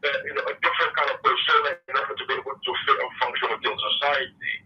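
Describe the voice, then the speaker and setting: A man in a casual podcast discussion, explaining his view in a measured way with many fillers. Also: mid-range voice. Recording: dull, muffled sound from a distance.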